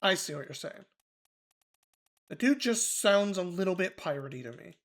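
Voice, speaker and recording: A man's voice: sits high, lively intonation, moderate pace. Casual man thinking aloud over a game. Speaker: game streamer. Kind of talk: casual gameplay commentary.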